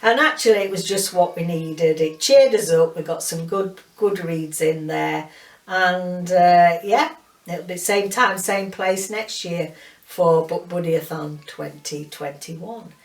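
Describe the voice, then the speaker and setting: A woman's voice: lowish voice, slow pace. A middle-aged woman, chatting casually and rambling as a book channel host, laughing often. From North Yorkshire, England. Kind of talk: casual chat. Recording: roomy sound, mic at a distance.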